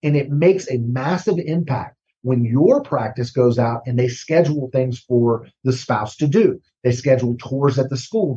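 A recruiting consultant speaks casually as an interview guest, often restarting words, repeating himself, and ending sentences with a quick "right?". His mid-range voice is mellow, and the recording sounds muffled.

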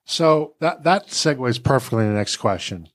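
A man's voice: mid-range voice, animated, moderate pace. Hesitant male interview host. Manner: hesitant, with restarts and asides. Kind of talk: interview questions, casual chat.

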